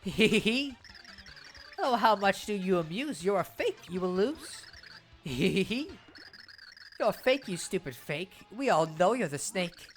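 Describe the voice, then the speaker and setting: A woman's voice: mid-range voice, big pitch swings, unhurried, soft background music. A woman voicing a prissy, catty fairy woman who speaks in rhymes. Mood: taunting. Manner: rhyming, taunting delivery.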